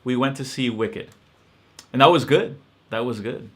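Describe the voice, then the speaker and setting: A man's voice: mid-range voice, normal speed, fairly bright tone, slightly rough. A man hosting a casual live-stream Q&A, answering questions in a hesitant, reflective way with many ums and restarts.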